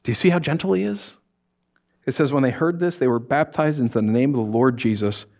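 A man preaching a sermon, reading scripture and telling stories with lively, acted-out voices. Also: medium pitch, a little fast, creaky. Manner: animated storytelling with acted-out voices.

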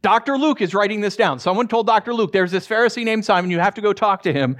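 Brief: male preacher, high voice, chatty animated storyteller who quizzes the audience. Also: quick pace. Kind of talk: conversational sermon.

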